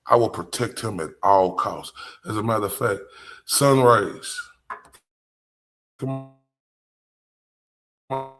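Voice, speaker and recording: A man's voice: on the low side, unhurried, pauses often, a bit bright. A man with a Southern US accent hosting a live stream, talking bluntly and with profanity straight to his chat. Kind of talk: casual live-stream commentary.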